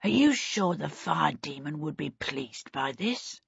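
A woman's voice: low voice, lively intonation, measured pace, gravelly, slightly rough, no room sound, heavily acted. A woman voicing a fussy male kobold leader who grumbles and sighs in a serious tone. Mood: grumbling. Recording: dull lo-fi recording.

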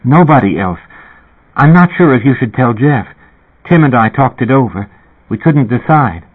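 A man reading an audiobook, voicing a giddy, mischievous young woman with a husky, raised voice, on a tinny, phone-like recording. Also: medium pitch, very animated, moderate pace. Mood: breezy. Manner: giggly, conspiratorial, gushing.

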